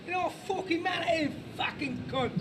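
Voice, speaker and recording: A snarling Cockney street thug spits threats and curses, as a man puts the voice on. The voice sits well above the performer's own and comes from far off the mic. Loud traffic rumbles behind it. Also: moderate pace. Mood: threatening. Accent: Cockney, exaggerated. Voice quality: growling, sweary, shouting.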